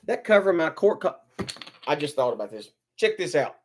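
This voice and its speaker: On his live stream, a man with a slightly high, sing-song voice speaks at normal speed while ranting in anger. He curses freely and often repeats himself or starts over, staying heated throughout.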